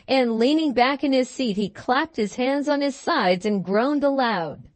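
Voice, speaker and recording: A woman's voice: sits high, dry recording. Woman reading an audiobook, dry and close. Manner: measured, steady reading. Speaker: audiobook narrator. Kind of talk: first-person audiobook narration.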